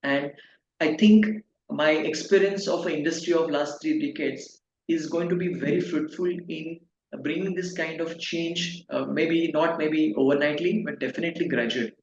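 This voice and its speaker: A man in his fifties, a pharma consultancy director answering interview questions in a halting way, with many fillers and restarts. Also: a little high, steady tone. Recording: echoey, dull, faint noise.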